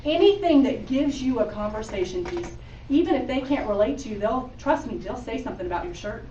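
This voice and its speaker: A woman's voice: fairly high pitch, animated, fairly quick, dark tone, slight background noise. A woman from Oregon giving a motivational sales talk to a group, chatty and laughing, speaking to the audience directly. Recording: echoey room, distant mic, dull sound.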